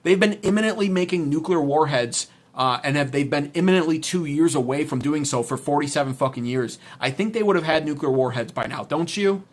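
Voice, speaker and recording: A man's voice: on the high side, fairly quick, hardly any pauses. A man hosting a political livestream, reading chat and ranting in a profane, sarcastic, heated way. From United States. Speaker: political commentary streamer.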